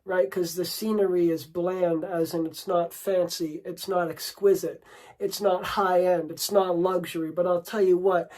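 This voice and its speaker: A man's voice: little pitch movement, measured pace, poor audio. A young adult man, a dating coach, giving a solo advice monologue with emphatic, repetitive declarations. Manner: drops to low soft voice when acting out lines to a date.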